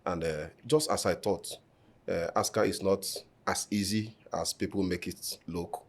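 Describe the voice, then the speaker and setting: In a podcast studio, a male election candidate responds to an interviewer with a deep, low voice and fairly even intonation. His delivery is formal and deliberate, with pauses on filler words between points.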